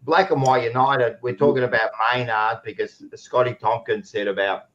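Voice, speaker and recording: A man's voice: medium pitch, steady tone, normal speed, fairly bright tone, dull audio. An Australian man hosting a casual sports podcast, rambling and blunt, often restarting his sentences. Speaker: podcast host.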